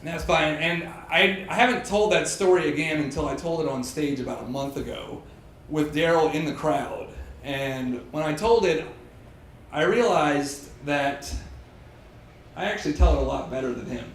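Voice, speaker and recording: A man telling a true personal story on stage, animated and self-mocking, laughing through his lines. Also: fairly high pitch, moderate pace. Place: stage in a pub. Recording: echoey live room, faint crowd noise.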